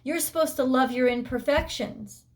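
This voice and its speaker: A woman's voice: sits high, moderate pace. Blunt, emphatic woman reading tarot. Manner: blunt and emphatic, swears freely, voices the listener's inner thoughts. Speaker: tarot reader.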